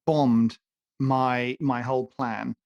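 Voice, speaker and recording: A man's voice: medium pitch, fairly even intonation, slow pace, gravelly, darkish tone, no room sound, dull audio. A man co-hosting a casual talk show, ranting emphatically and joking as he makes his case. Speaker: podcast co-host. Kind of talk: opinionated casual chat.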